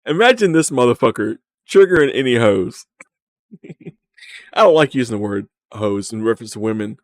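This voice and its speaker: A man's voice: mid-range voice, lively intonation, moderate pace. A man from the American South, mocking a video in casual, profane live commentary, laughing often. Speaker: streamer reacting to a video.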